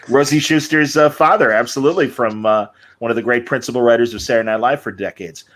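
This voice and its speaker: A man hosting a casual podcast chat tells rambling, enthusiastic stories, acting out what people said. His voice is medium-pitched, a little fast and a bit bright.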